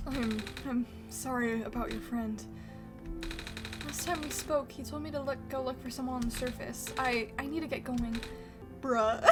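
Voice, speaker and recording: A woman streamer giving giggly, excitable let's-play commentary with mild swearing, game music behind. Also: high-pitched, moderate pace.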